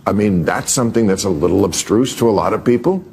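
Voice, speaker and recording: A man hosting a talk show, ranting in an animated, sarcastic way with comedic banter. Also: lowish voice, quick pace, gravelly, slight background noise.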